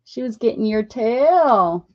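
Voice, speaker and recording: On a casual crafting livestream, an American woman with a slightly high, animated voice talks at a slow pace, chatting and baby-talking to her cat as she crafts. The audio has its high frequencies cut off.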